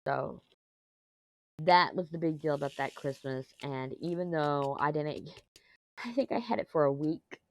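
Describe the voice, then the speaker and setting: A woman, chatting casually and rambling on while she crafts, self-deprecating and quick to laugh, on a mic clipped to her shirt. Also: low voice. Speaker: diamond painting vlogger. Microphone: lapel mic clipped to t-shirt. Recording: dull, lo-fi, dry lapel sound.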